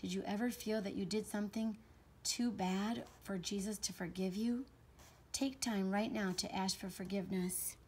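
A woman hosting a children's reading show, reading a storybook aloud in an animated read-aloud manner. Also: medium pitch, normal speed, a little hiss or hum, low-quality recording.

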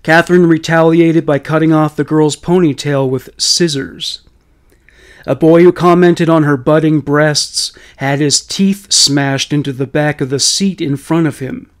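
A man reading a scripted true-crime story in a measured, blunt manner with occasional profanity. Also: on the high side, steady tone. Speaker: narrator.

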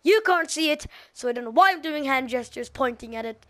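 A young woman chatting while playing a game, excitable and prone to shouting at game events. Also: high voice, a little fast. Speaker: gaming YouTuber. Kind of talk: let's play commentary. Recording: game music and sound behind.

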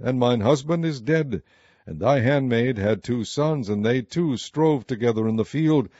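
Male narrator, dark, mellow tone, measured scripture reading, dry and slightly dull audio. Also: mid-range voice, no echo. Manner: steady, measured King James reading.

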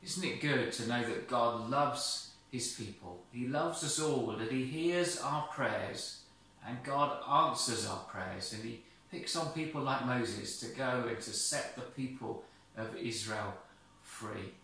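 Expressive storyteller in an echoey church. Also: male voice, mid-range voice, slow. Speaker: church children's talk leader. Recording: very echoey, distant mic.

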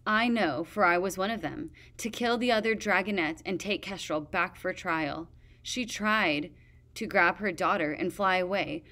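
A woman's voice: medium pitch, fairly bright tone. Woman playing a stubborn male dragon guard. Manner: stubborn, measured testimony.

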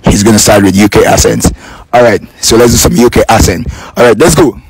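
A man's voice: lowish voice, brisk, background noise. A Nigerian man hosting a casual vlog, joking and teasing, slipping into Pidgin. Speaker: vlogger.

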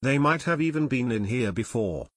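A gruff male ex-convict growls out short, hostile threats, as a male narrator puts him on. The storybook voice is mid-pitched and recorded dry, with no room sound. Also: lively intonation, moderate pace, a bit bright, no echo.

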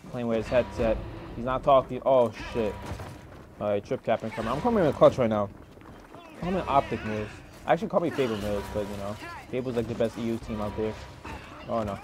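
A young man giving rambling, excitable live commentary over a match, swearing often and filling gaps with "like" and "oh my god.". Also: fairly low pitch, fairly quick, long pauses, background noise. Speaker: gaming streamer.

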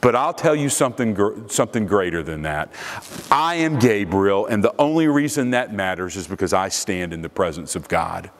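A man's voice: on the low side, moderate pace, voice pushed down, lightly acted. A man playing a commanding angel. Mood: challenging. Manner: bold, challenging. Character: commanding male angel, unshakable and proud.

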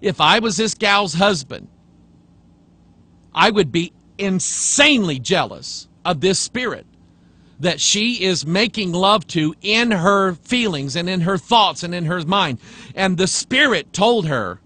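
Emphatic preaching man, fairly high voice. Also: lively intonation, takes it slowly. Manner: emphatic, drops to a low hush for contrast; reads quoted passages aloud and rebuts them. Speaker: pastor. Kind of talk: preaching sermon commentary.

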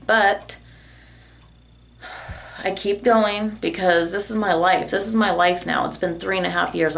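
A woman's voice: lowish voice, vocal fry, a bit bright, recorded from a distance. A woman talking to her viewers in a casual vlog from her bathroom, emotional and heartfelt. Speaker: vlogger. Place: home bathroom. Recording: echoey room, voice a bit off-mic.

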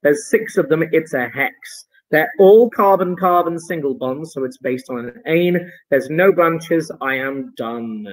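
Playful higher-voiced male chemistry teacher. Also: measured pace, hardly any pauses, rough recording. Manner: playful, jokey asides while explaining. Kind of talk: online homework review lesson.

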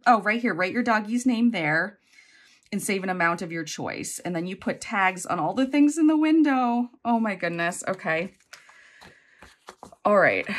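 A woman vlogger talks casually to her viewers while opening mail. She is effusive and chatty, exclaiming often. Her pitch sits in an ordinary middle range for a woman. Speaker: budgeting vlogger. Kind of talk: casual chat unboxing happy mail.

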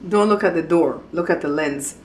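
A woman's voice: low voice, normal speed, echoey room, slight background noise. A woman hosting a casual home vlog, outspoken and teasing as she talks to the camera. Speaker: vlog host. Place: at home in a hallway.

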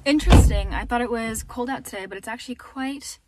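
A woman's voice: fairly high pitch, brisk, very noisy. A young woman in her twenties, a law student and vlogger, talking to camera in a chatty, playfully dramatic way. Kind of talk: casual vlog chat to camera.

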